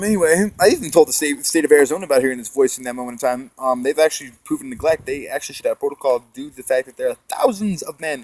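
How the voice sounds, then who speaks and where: A man's voice: medium pitch, vocal fry, darkish tone, rough recording. A man telling a long personal story in a meandering monologue, swearing often and leaning on fillers and tag questions. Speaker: storyteller recounting spiritual experiences.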